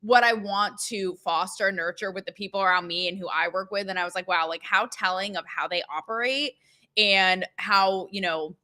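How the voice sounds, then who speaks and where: A young woman hosting a casual opinion show, chatty and sarcastic, with many fillers and quick asides. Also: medium pitch, sharp tone. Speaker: show host.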